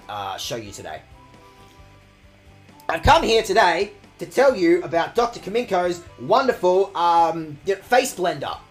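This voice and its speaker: A man streaming a video game, ranting at the characters with sarcastic, profane commentary. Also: high-pitched. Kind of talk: let's-play commentary.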